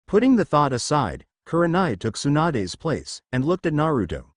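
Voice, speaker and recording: A man reads a fan fiction story aloud in a steady storytelling style. His voice sits at a middle pitch with very lively intonation, and the sound is dry and close. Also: moderate pace, hardly any pauses, no echo. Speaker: narrator.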